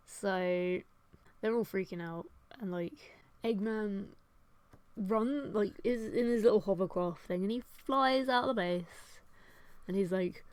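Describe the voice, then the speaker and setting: A woman's voice: mid-range voice, normal speed, darkish tone, smooth, no room sound. A young woman casually retelling an old story while drawing, rambling with lots of "like" and "um" and frequent swearing. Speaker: artist and video host.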